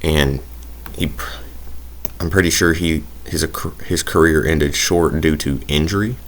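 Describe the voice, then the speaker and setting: Very deep-voiced young man rambling. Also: measured pace, fairly bright tone. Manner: rambling, hesitant, self-deprecating. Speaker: gaming YouTuber. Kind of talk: casual gameplay commentary.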